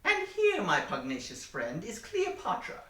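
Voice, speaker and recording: A woman's voice: mid-range voice, wildly swooping pitch, measured pace, bright, forceful tone, heavily acted. A woman voicing a pompous, theatrical villain professor who insults her henchman. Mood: scheming. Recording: echoey room, distant mic.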